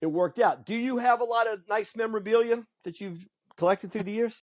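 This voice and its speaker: Male podcast host, fairly high voice, animated storyteller who acts out the people he quotes. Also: fairly quick, dry recording. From Virginia Beach, US. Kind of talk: casual conversation.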